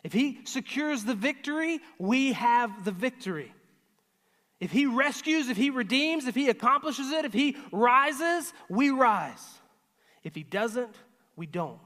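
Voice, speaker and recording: A male pastor preaching a sermon, swinging between loud emphatic lines and hushed, earnest asides. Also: very high voice, animated, measured pace. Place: church auditorium. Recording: long hall reverb.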